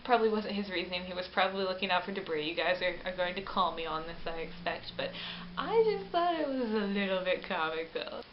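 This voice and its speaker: A woman vlogger chatting casually about a film she reviews, animated and rambling, often correcting herself mid-sentence. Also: lowish voice, fairly quick, few pauses. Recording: roomy, dull lo-fi webcam audio with faint hiss.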